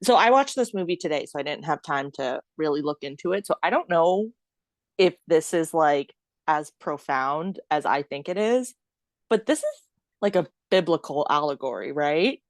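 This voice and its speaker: A woman's voice: low-pitched, lively intonation, normal speed, no echo, studio quality. A woman co-hosting a podcast, chatty and giggly, thinking aloud about a film. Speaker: podcast co-host. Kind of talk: casual chat about a film.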